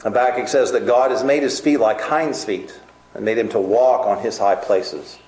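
A man delivering a sermon, earnest and emphatic, slowing down for key points and speeding up in others. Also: medium pitch, a little mellow, echoey room, poor audio. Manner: earnest, emphatic preaching with varied pace. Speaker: preacher.

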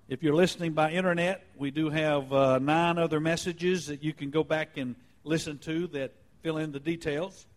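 A man with a slightly raised voice preaches to his congregation in an earnest teaching tone. He slows down to stress key words, repeating a phrase with deliberate emphasis. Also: on the high side. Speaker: pastor. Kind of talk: sermon.

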